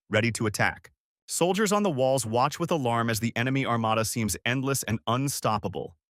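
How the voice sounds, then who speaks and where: A man's voice: mid-range voice, a bit bright, no room sound. Man narrating a scripted story recap, dry.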